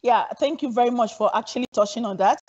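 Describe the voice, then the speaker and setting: A woman's voice: a little high, fast talker, background noise. A woman hosting a talk show, affirming and steering the conversation. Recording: dull lo-fi sound.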